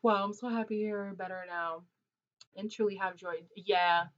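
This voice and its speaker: A woman's voice: medium pitch, normal speed. Twenties woman streamer, chatty and slangy, laughs a lot, dull lo-fi audio. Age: 20s. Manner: chatty, animated, laughs often, loose slangy talk. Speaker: livestream host. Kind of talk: casual livestream chat reading viewer comments. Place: Ontario, Canada.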